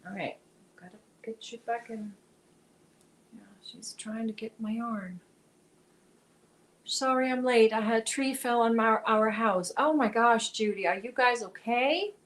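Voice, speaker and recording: A woman's voice: fairly high pitch, measured pace, pauses often, slight background noise, poor audio. A woman hosting a casual crochet livestream, chatting with viewers, reading their comments aloud and talking to her cat.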